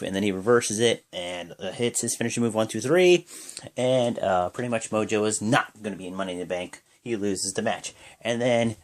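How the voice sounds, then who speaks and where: A man giving a casual, rambling play-by-play recap of a wrestling show. He strings events together with "and then" and "pretty much" and jumps into higher bursts on big moves.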